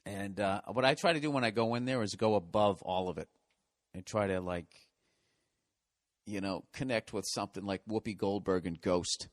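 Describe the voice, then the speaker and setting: A man's voice: lowish voice, normal speed. A male comedian in a profane, exasperated comedic rant.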